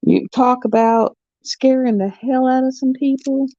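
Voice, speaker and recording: A woman chatting casually on her craft vlog as an animated storyteller, recorded at home. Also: high voice, unhurried, no room sound. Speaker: crafting vlogger. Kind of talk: casual chat. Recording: muffled, dull sound.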